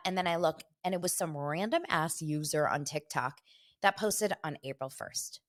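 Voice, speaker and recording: A woman in her forties hosts a casual pop culture chat with a slightly low voice. She tells stories with animated, dramatic retellings of her own reactions, and sounds a bit stuffy from a cold. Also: moderate pace. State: has a cold. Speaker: host of a daily pop culture show.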